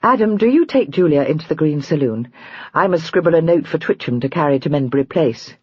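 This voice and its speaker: A woman voicing a brisk, practical young wife with a prosaic, chattering manner. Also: sits low, animated, slightly rough, dry recording. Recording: dry, slightly dull recording.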